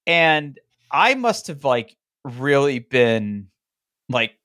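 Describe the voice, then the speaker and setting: A man's voice: mid-range voice, drawn-out words, no room sound, studio quality. A man co-hosting a casual podcast, telling a story with lots of filler words and acting out the dialogue of the people in it. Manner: animated storytelling, acts out quoted dialogue; frequent "like" fillers and restarts. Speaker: podcast co-host. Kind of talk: casual chat.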